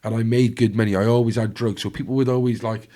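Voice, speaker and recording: A man's voice: medium pitch, steady tone, fast, mellow. A man from Wales with a Cardiff accent, a podcast guest telling a story in blunt casual talk full of swearing, acting out what other people said. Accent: Welsh, Cardiff.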